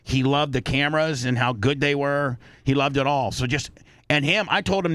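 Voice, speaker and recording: A man's voice: mid-range voice, moderate pace, a bit bright, no room sound. A man hosting a radio talk show, telling a story bluntly and with animation, swearing as he goes. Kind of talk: casual talk-show chat.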